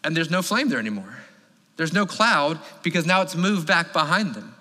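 A pastor delivering a sermon with a forceful, fairly high male voice, pressing every point emphatically. His words ring out with a long reverb from a large hall. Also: moderate pace. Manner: emphatic, animated preaching.

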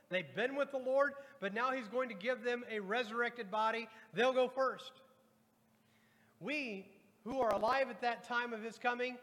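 A man's voice: very high voice, bright, forceful tone. A pastor preaching a sermon to his congregation, reading scripture aloud and addressing the people directly. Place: church sanctuary. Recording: long hall reverb.

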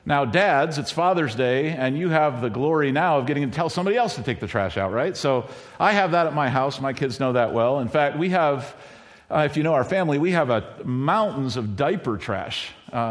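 A middle-aged man preaching a sermon in a conversational way, now and then acting out quoted lines in a higher voice. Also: expressive, fairly quick. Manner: conversational, acts out quoted lines with bursts of high pitch. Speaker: pastor.

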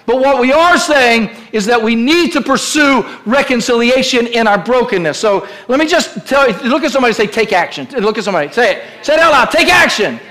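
A man's voice: extremely high pitch, animated, a little fast, hardly any pauses, fairly bright tone. A middle-aged man preaching a sermon as pastor, emphatic and direct, calling on the congregation to repeat phrases aloud. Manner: emphatic preaching with call-and-response prompts. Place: church.

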